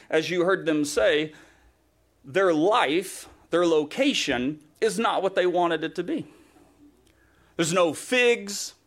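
A man's voice: fairly high pitch, a bit bright. A male pastor preaching a sermon in a conversational, humorous way, acting out grumbling voices.

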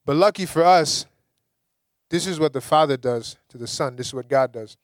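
A young preacher from the Caribbean delivers a sermon with lively energy. He keeps building to emphatic high points. His voice sits a touch high, and the sound is dry and close. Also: normal speed, dry recording. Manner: lively, rising to emphatic peaks.

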